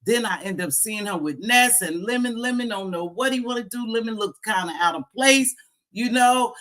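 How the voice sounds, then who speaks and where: A woman's voice: on the high side, moderate pace, fairly bright tone. A woman hosting a casual livestream, talking straight to her viewers in a playful, teasing way with lots of exclamations. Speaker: livestream host. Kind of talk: casual live chat.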